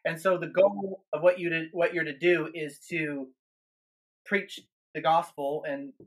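A man's voice: on the high side, fairly even intonation, measured pace. A man who is a guest minister on a podcast, telling a story in an earnest way, with many restarts and repeated words.

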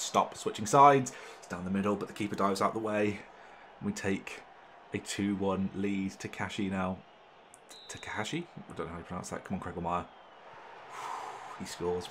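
Excitable young man commentating gameplay. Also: deep voice, slight background noise. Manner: excitable, swearing mildly in exclamations. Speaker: gaming channel host.

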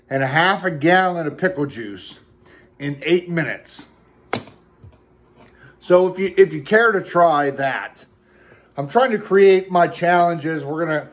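A young man hosting his own challenge channel, out of breath and stuffed, chatting casually to viewers. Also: on the high side. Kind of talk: casual vlog talk.

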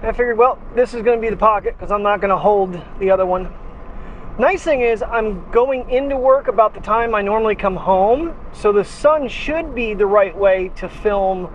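His voice sits high and moves at a moderate pace as he chats for his daily vlog, first out walking his dog, then in a car. He's rambling and self-deprecating, chuckling often, on a small wireless clip mic. The audio is dull with slight background noise.

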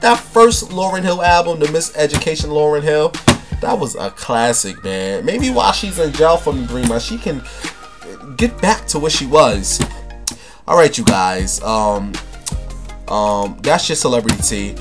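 A man's voice: fairly high pitch, expressive, measured pace, music in the background. A man hosting a casual celebrity gossip vlog, talking in a sassy, flamboyant, camp way and calling his viewers honey and baby. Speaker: vlogger.

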